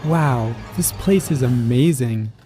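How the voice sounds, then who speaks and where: A man voicing an excited young male bunny in a read-aloud children's story. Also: mid-range voice, slow pace, faint music behind, close to an everyday voice. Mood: eager.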